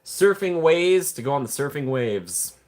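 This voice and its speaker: A man's voice: fairly high pitch, very animated, measured pace. A man hosting a casual livestream, rambling and joking while he reads viewer chat. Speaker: livestream host.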